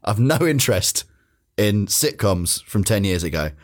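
A man's voice: on the low side, expressive, moderate pace. A man on a casual football podcast, bantering in a jokey, playful way. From England. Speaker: podcast guest.

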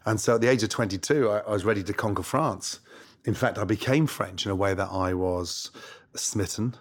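A middle-aged Scottish man, a chef and guest, telling stories in a brash, swearing, animated way. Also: fairly low pitch, a little fast. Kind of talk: casual interview.

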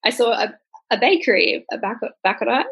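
Husky-voiced woman telling a lively story. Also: fairly quick, dull audio. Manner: animated, acts out quoted people with pitch jumps. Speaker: podcast co-host telling a story. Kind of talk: casual storytelling chat.

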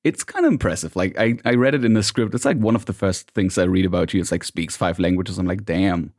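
A man's voice: low voice, fast talker, a little mellow, no room sound, studio quality. A man hosting a gaming podcast, upbeat and chatty, often repeating words as he talks. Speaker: podcast host.

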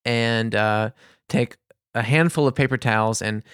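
A man telling a casual anecdote in an animated, exasperated way, with vivid asides. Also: mid-range voice, measured pace, clean tone, dry recording, clean studio sound. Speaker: storyteller.

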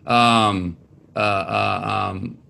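A man guest telling stories about his family in a halting, searching way, often starting over, then jumping into lively quoted voices. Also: fairly low pitch, gravelly. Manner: halting, many restarts, animated quoting of family. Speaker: interview guest, author. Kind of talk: conversational storytelling.

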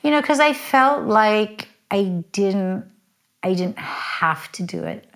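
A middle-aged woman telling her life story as an interview guest, chatty and quick, with lots of "like" fillers. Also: medium pitch, expressive, a bit bright. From United States. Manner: chatty, fast, full of "like" fillers. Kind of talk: candid personal storytelling.

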